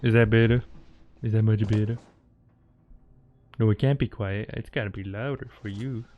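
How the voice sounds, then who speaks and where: A man's voice: fairly low pitch, steady tone, moderate pace, phone-quality sound, a little hiss or hum. A man streaming a horror game, joking playfully with his chat as he plays. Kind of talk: live gameplay commentary.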